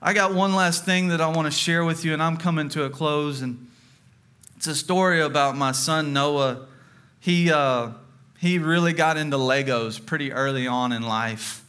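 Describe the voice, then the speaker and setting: A man in his thirties preaching a sermon, telling a family story with slow, deliberate emphasis. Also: fairly high pitch, fairly bright tone, smooth. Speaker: pastor. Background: music.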